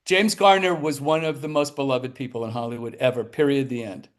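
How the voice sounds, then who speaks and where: A man in his seventies, a talk show guest telling lively anecdotes, acting out the people in his stories as he goes, with some quick bursts and restarts. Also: mid-range voice. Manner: animated storyteller who acts out the people in his tales. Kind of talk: anecdotal storytelling.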